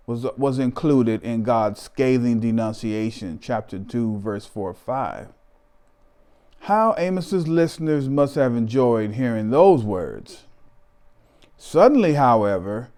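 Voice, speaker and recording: A man narrating a scripted Bible study lesson in a measured way, his voice trailing off on scripture references. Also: mid-range voice, mellow. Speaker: Bible teacher.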